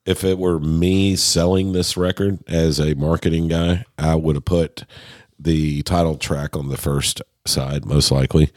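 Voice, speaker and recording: A man with a very deep voice chats casually on a podcast. He is dry and teasing, and the recording is dry and close. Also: steady tone, measured pace, hardly any pauses, darkish tone, no room sound. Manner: dry, teasing, talks through music picks. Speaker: podcast co-host. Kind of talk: casual chat.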